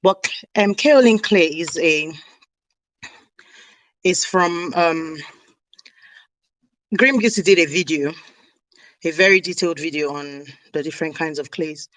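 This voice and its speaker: A woman's voice: low-pitched, measured pace, long pauses, fairly bright tone, no room sound, poor audio. A woman chatting casually on a live stream, rambling and snacking as she talks. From Nigeria (South South). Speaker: hair care vlogger. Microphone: camera mic on a live stream.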